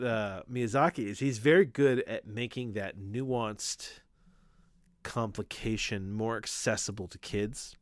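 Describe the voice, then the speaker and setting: A man's voice: lowish voice, fairly bright tone, no echo, studio quality. A man in his forties co-hosting a podcast in casual chat, rambling with many restarts. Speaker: podcast co-host.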